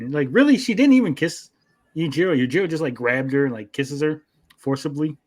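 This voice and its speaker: A man co-hosting an anime review chat, retelling scenes in a lively, profane way with mock voices. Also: on the high side, a little fast. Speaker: podcast co-host.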